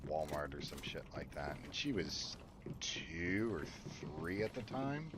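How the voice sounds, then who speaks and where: A man's voice: rumbling low, sing-song, measured pace, noisy background. Blunt, profane man streaming a game. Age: adult parent. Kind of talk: casual chat while gaming. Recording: game sounds and gunfire behind. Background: game ambience and gunfire.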